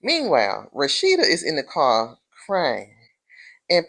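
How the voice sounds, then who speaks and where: A sassy woman talking through a TV episode in a casual recap, calling the listener honey and girl. Her voice sits fairly low but has a bright, forceful edge. She keeps it animated and jumps up into high-pitched takes on the characters. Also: unhurried. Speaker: TV episode reviewer.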